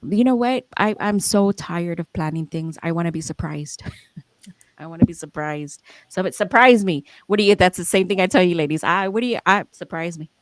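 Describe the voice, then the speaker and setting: A woman's voice: mid-range voice, normal speed, no room sound. A young adult woman, the founder and host of a podcast, talking in a candid and emotional way with many restarts and fillers, swearing now and then. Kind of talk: reflective casual talk.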